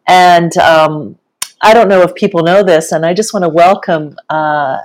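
A woman co-hosting a live chat, talking enthusiastically and haltingly with many fillers. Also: lowish voice, poor audio. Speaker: co-host, retreat facilitator. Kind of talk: casual live-stream chat.

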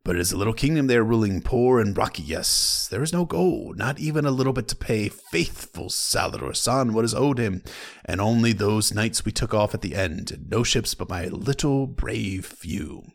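A man's voice: fairly low pitch, lively intonation, moderate pace, gravelly. A man putting on a sly old pirate captain. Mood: grumbling. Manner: stilted foreign-sounding phrasing, conspiratorial.

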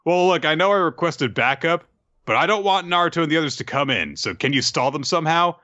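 A man's voice: a little high, lively intonation, quick pace, sharp tone, dry recording, pitched above the performer's own voice. A man reading the lines of a laid-back young male ninja strategist, casual and eager, on a dull, dry lo-fi recording.

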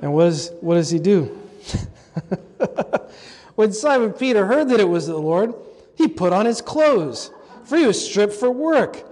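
A man's voice: high voice, very animated, a little slow, long pauses, darkish tone. A man giving a conversational, humorous scripture lecture as a host, with asides to his audience. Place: large lecture hall at a convocation. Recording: long hall reverb from a live talk.

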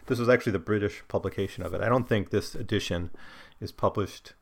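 A man's voice: on the low side, fast, creaky. A man explaining a novel in a discursive lecture style, thinking aloud as he goes. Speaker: book discussion host.

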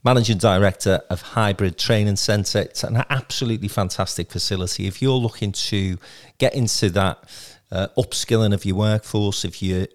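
A man's voice: fairly low pitch, moderate pace, hardly any pauses. A man hosting a podcast interview, talking in a chatty, encouraging way with plenty of fillers. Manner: warm, encouraging, rambling with fillers. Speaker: podcast host.

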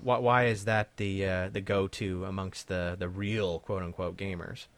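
A man's voice: low-pitched, fairly even intonation, moderate pace, no room sound. A man hosting a casual podcast, putting questions to his co-hosts and laughing often. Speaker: podcast host asking questions.

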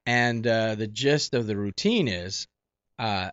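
A man's voice: fairly low pitch, takes it slowly, a bit bright, smooth, dry recording, muffled recording. A man from Italy, a comedian guest, chatting easily and laughing often. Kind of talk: casual chat.

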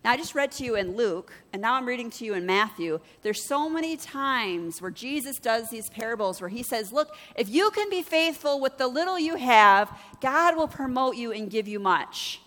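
A woman's voice: fairly high pitch, moderate pace, hardly any pauses, big-room sound. A woman pastor preaching a sermon, telling stories and acting out both sides of conversations. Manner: storytelling, acts out dialogue with lively shifts.

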